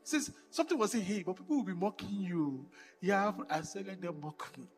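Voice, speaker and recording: A man preaching a sermon with sung worship, impassioned, swinging between hushed and loud lines. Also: sits high, sing-song, brisk, over music. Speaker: pastor.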